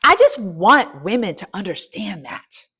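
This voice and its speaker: A middle-aged American woman coach talks with a highly animated, swooping voice. She preaches in a casual, colloquial way, full of "y'all" and "ain't". She moves between quiet asides and loud, emphatic exclaiming. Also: a little slow, breathy edge. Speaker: coach and podcast host. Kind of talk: energetic motivational talk.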